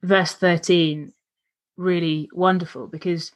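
A woman's voice: fairly low pitch, fairly even intonation, takes it slowly. A woman co-hosting a casual Bible study discussion, thoughtful and affirming, often checking in with tag questions. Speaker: co-host discussing a Bible passage.

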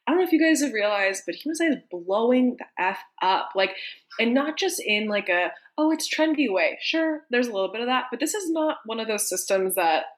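A woman's voice: fairly high pitch, lively intonation, fairly quick. A woman co-hosting a group call, talking in a casual, enthusiastic way and laughing often.

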